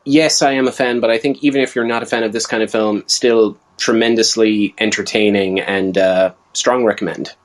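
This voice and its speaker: A man's voice: on the low side, steady tone, moderate pace, few pauses. A man co-hosting a casual movie review podcast, rambling and chatty with lots of fillers and restarts. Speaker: podcast co-host.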